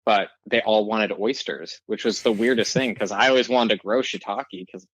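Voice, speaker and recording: A man guesting on a podcast, chatting casually and relaxed, filling his talk with "like". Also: lowish voice, normal speed, dry recording, poor audio. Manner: relaxed, says "like" often. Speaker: guest, mushroom grower.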